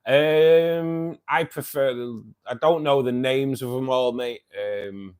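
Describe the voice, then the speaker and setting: A man's voice: medium pitch, fairly even intonation, slow pace, darkish tone, clear, resonant tone. A man hosting a casual livestream. He reads out viewers' chat, says "mate" a lot and laughs often. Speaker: livestream host reading chat.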